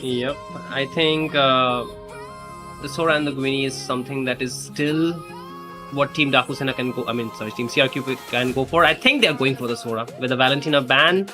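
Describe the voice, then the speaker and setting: A man casting live esports, earnest in his analysis and quick to tease and laugh with his co-caster. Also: mid-range voice, music in the background. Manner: teasing, earnest, laughs easily.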